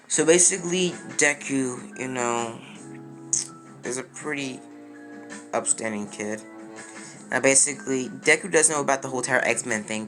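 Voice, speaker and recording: A man telling an unscripted fan what-if story in a rambling, halting way, often stopping to correct himself. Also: mid-range voice. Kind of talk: unscripted fan-fiction narration. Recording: voice over loud background music.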